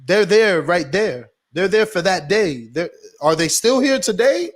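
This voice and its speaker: A man's voice: sits high, expressive, a little slow. An American man, a boxing podcaster, talking emphatically as a guest, asking rhetorical questions. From United States. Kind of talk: casual interview chat.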